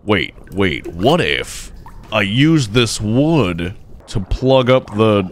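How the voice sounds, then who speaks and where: A young man giving jokey, excitable let's play commentary as he plays, cheering on his fish and breaking into shouts. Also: lowish voice, slow pace. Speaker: gameplay commentator.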